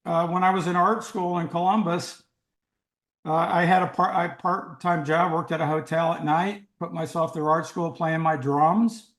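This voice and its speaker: Animated older male storyteller. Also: on the high side, normal speed. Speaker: guest. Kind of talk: storytelling in an interview. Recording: roomy echo.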